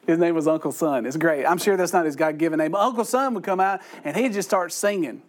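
A middle-aged man teaches a Bible study in a light, joking way. His voice sits high for a man, and his talk runs loose and conversational with dry, self-mocking asides. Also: quick pace.

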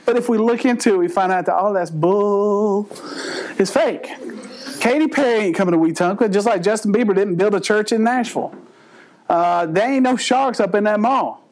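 A middle-aged man with a drawl preaches to young people in a lively, joking way. He acts out little voices for the people in his stories and laughs along with them. His speaking voice sits fairly high for a man. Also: moderate pace, a little hiss or hum. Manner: animated storyteller, acts out voices, laughs often. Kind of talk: comedic sermon to a youth group.

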